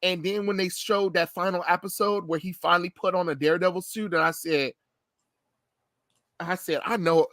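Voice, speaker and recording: A man hosting a casual pop culture chat, ranting with animated energy and plenty of swearing. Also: high-pitched, moderate pace, dry recording, studio quality. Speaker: podcast host.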